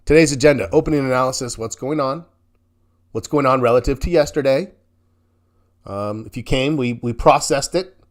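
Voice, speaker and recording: A man hosting a live-stream market commentary, chatty and quick to laugh, often restarting and repeating words as he talks. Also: medium pitch. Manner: self-correcting, repeats words. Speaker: host.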